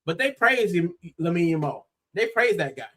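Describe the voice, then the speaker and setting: American man, young, bright tense voice, slightly high, animated casual football talk. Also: moderate pace. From United States. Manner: animated, exclaiming, says bro often. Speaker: podcast co-host.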